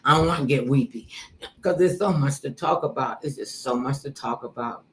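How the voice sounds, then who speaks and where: A woman radio host telling a lively personal story in casual chat, with loud outbursts and quoted asides. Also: extremely low pitch, fairly quick, a little hiss or hum.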